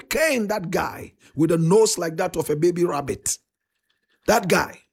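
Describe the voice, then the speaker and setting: Fervent Ghanaian man with a gravelly voice. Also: high voice. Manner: fervent, dramatic, bursts into shouts. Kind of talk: impassioned preacher-style talk.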